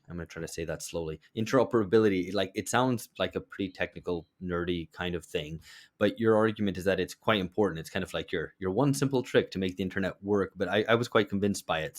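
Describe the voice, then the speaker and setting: A man hosting a podcast, asking questions in a casual, self-deprecating way with loose phrasing. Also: low voice. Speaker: podcast host.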